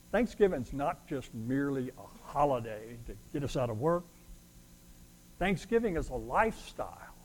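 A man preaching a sermon as a pastor, pressing his points with loud declarations and then dropping to quiet asides. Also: on the high side, expressive, normal speed, rough recording.

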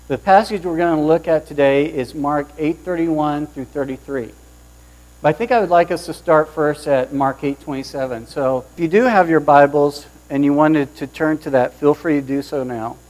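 A man's voice: a little high, measured pace, low-quality recording. Storytelling male preacher, hum behind. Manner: storytelling, lively quoted voices. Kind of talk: sermon with personal story. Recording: mains hum underneath.

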